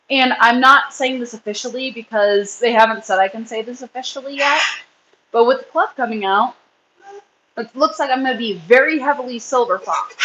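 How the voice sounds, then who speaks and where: A woman's voice: a little high, a bit bright, slight background noise, poor audio. A woman in her thirties hosting a casual livestream chat, rambling and reading comments while feeding her kids. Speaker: livestream host and rabbit breeder.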